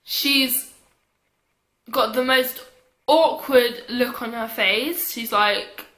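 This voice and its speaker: A woman's voice: on the high side, very slow, bright, forceful tone, roomy sound. A young woman chatting casually, with lots of fillers, telling a story to camera. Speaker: vlogger.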